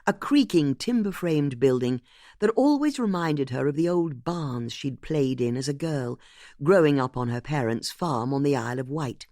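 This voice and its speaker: An audiobook narrator reading a mystery in an expressive way. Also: mid-range voice, no room sound, studio quality.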